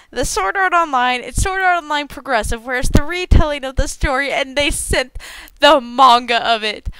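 A young woman hosting a casual unboxing video, bubbly and excitable, tripping over her words as she gushes. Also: high-pitched, normal speed, clean tone, no echo. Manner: bubbly and excitable, gushing with stumbling repeats. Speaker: unboxing channel host.

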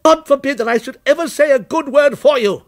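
A man's voice: high voice, animated, fairly quick, gravelly, voice pushed up, heavily acted. A man voicing a frightened male writer who stammers and protests, in a dramatic story reading. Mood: defiant.

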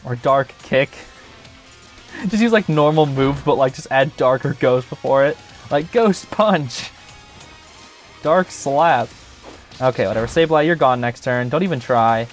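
A man's voice: mid-range voice, measured pace, pauses often, faint music behind. A young man hosting a gaming channel, giving chatty, joking gameplay commentary full of filler words.

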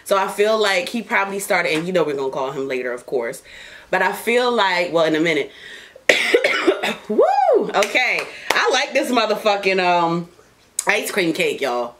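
A woman's voice: on the low side, sing-song, moderate pace, fairly bright tone, a little hiss or hum. Woman host just chatting and cussing a lot, jokey, laughing and coughing as she smokes. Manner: profane, blunt and joking; laughs and coughs between lines. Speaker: podcast host. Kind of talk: casual chat while smoking.

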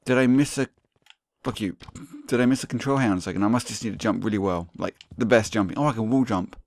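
A man's voice: fairly low pitch, fast. A man giving sweary, sarcastic let's-play commentary as he plays a video game. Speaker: gaming YouTuber.

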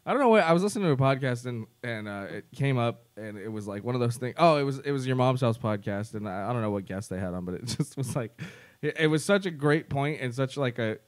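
A man's voice: mid-range voice, lively intonation, fast talker. Young guy on a podcast, rambly, swears a ton, laughs a lot. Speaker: podcast co-host. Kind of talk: casual chat.

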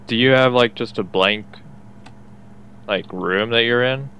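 A young man chatting while playing a co-op game, teasing with dry, quick comebacks. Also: medium pitch, pushed and bright, clear, resonant tone. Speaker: co-op gaming partner. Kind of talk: casual gameplay chat.

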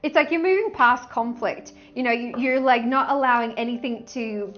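A woman giving a casual tarot reading, gushing and excitable, often breaking into bits of song. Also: fairly high pitch, a little fast, few pauses, lo-fi sound, faint music behind. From Australia. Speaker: tarot reader.

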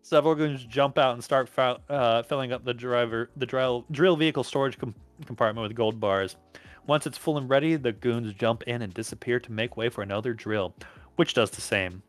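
A man's voice: mid-range voice, moderate pace, no room sound, soft background music. A man hosting and reading aloud an interactive story game, casual, stumbling over words and laughing along.

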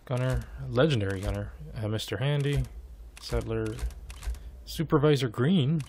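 A man's voice: medium pitch, normal speed, a little mellow, slight background noise. A young man giving chatty, casual gameplay commentary and swearing freely. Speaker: let's play host.

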